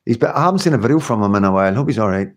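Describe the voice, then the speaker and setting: A man's voice: lowish voice, expressive, rapid-fire. A middle-aged man with a Scottish accent hosting his own livestream, chatting casually and reading out viewer comments, with lots of fillers and rambling asides. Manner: rambling, chatty, laughs often, many fillers. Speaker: livestream host.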